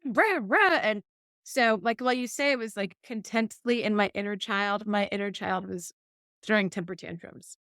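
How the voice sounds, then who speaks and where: A podcast co-host with a clear, resonant, medium-pitched voice tells a personal story at a moderate pace in casual chat. She's animated, acting out her earlier words, and the dry recording is studio quality.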